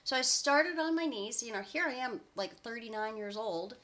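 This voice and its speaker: A woman's voice: fairly high pitch, lively intonation, moderate pace, sharp tone. A woman in her forties, a life coach giving upbeat, encouraging advice in a chatty vlog with frequent laughs. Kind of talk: motivational vlog talk.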